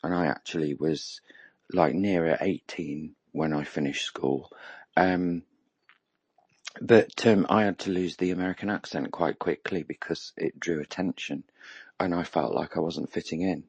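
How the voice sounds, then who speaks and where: English guy, middle-aged, deep husky voice, slow rambling talker, dry close sound. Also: steady tone, no echo. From England. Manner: reflective, rambling with many ums. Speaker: roundtable participant. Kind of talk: casual chat.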